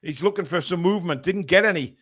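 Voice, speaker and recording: A man hosting a live fan watchalong, calling the match play by play and reading viewer messages, partisan and quick to outrage. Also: high-pitched. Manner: excitable, shouts at big chances and bad calls; indignant, partisan.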